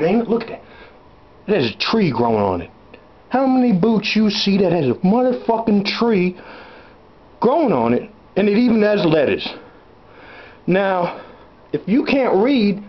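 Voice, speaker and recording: A man doing a high, profane junk salesman. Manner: rambling, profane, hawking junk. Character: crude loudmouth backwoods salesman, man, blustering. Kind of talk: comic home-video sketch. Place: indoors at home. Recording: roomy, dull home camera audio.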